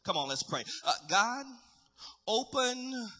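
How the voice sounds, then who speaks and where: A man voicing a calm, drowsy old prophet who speaks slowly and quietly. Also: very high-pitched, heavily acted. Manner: hushed, slow and unbothered.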